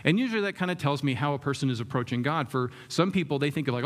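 A man's voice: on the high side, lively intonation, rapid-fire, hardly any pauses. A man preaching a sermon in a conversational way, often asking the room questions and using many fillers. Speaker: pastor.

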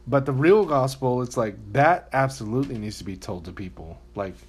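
A man's voice: medium pitch, brisk, husky. A man hosting a casual faith podcast, talking earnestly and a little like a preacher. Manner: earnest, preachy, acts out quotes. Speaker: podcast host.

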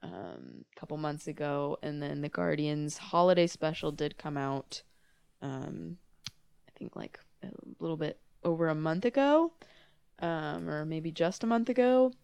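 A woman's voice: low-pitched, animated, a little slow, vocal fry, darkish tone, clean tone, no echo, clean studio sound. A young woman co-hosting a casual podcast with her father, chatty and sarcastic, laughing often. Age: young adult. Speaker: podcast co-host. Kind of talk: casual chat. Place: her father's home office, indoors.

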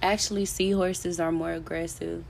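A woman's voice: lowish voice, little pitch movement, normal speed, vocal fry, darkish tone, slight background noise, rough recording. A woman co-hosting a casual podcast chat, loose and playful, swearing freely and stringing fillers together. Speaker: podcast co-host.

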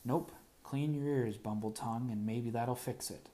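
A man voicing a tiny, boastful female doll who talks of herself by name in a high, squeaky voice. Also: steady tone, moderate pace, dark tone, close to an everyday voice. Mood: mocking.

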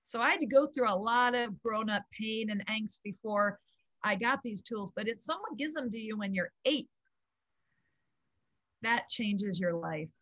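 A woman's voice: on the high side, measured pace, no room sound. Bubbly middle-aged woman telling stories. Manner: animated, laughing, gushing storyteller. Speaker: guest, kids yoga founder. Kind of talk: casual storytelling interview.

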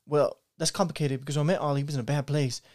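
A man hosting a podcast, shifting between a comedy sketch and casual chat, rambling like an excitable storyteller. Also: a little high, rapid-fire. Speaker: podcast host.

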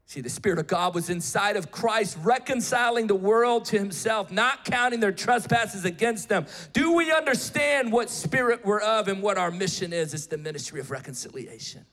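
A male preacher giving an impassioned sermon, swinging between shouted appeals and hushed storytelling. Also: sits high, animated, moderate pace, few pauses, in a large hall.

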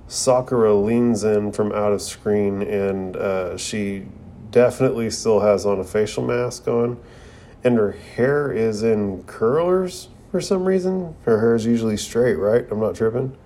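Recapping an anime episode in a relaxed way, a young male reviewer voices the characters' lines himself, without changing his voice, using slang and loose fillers. He speaks a little slowly, with a fairly low pitch and a warm tone.

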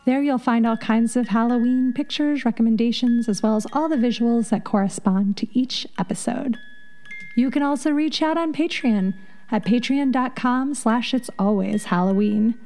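Mellow-voiced woman storyteller, dramatic. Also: on the high side, moderate pace, faint music behind. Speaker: podcast host. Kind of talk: scripted storytelling narration.

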